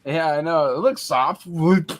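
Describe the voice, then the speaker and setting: A man's voice: a little high, measured pace, crowd noise. Profane casual male streamer. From Canada. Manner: profane, talks softly to his dog. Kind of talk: casual chat, swearing a lot.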